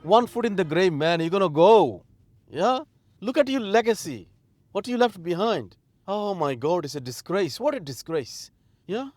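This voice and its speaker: A man's voice: high-pitched, very animated, normal speed, darkish tone, dry recording. A man from Bangladesh, a political commentator, speaking outdoors in a heated, emphatic monologue full of rhetorical questions. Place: outdoors in a city.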